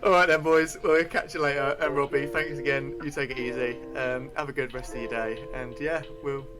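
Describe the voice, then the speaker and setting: A man's voice: medium pitch, flat delivery, fairly quick, music in the background. A man hosting a casual podcast, asking questions and wrapping up with an upbeat, giggly sign-off. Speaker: podcast host.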